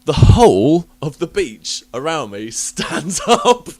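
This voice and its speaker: Young man, casual podcast host, storyteller, swears a lot, very lively pitch. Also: slow pace. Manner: animated storyteller, swears freely, laughs often. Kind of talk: casual chat.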